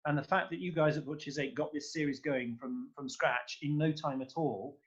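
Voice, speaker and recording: A man's voice: fairly high pitch, fairly even intonation, moderate pace. Enthusiastic man on a lo-fi call. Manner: enthusiastic, effusive, rambling with fillers. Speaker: guest conductor. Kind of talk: casual interview chat.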